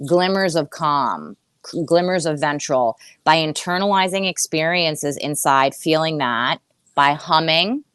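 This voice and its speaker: A woman therapist speaks as a podcast guest in a notably low voice. She explains earnestly in a steady teaching flow, often restarting phrases and asking rhetorical questions. The recording is close and dry. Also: no echo.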